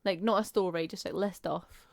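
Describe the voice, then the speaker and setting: A woman's voice: fairly low pitch, steady tone, moderate pace, vocal fry, dry recording, studio quality. A woman co-hosting a podcast, chatting casually and rattling off a list. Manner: chatty, listing things briefly. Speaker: podcast co-host. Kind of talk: casual chat.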